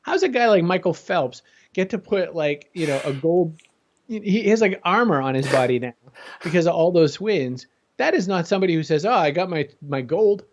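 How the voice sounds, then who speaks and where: Man, energetic motivational guest, raised pitch, muffled lo-fi line. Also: normal speed. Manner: energetic, conversational, jumps into quoted voices. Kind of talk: motivational interview talk. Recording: dull lo-fi sound.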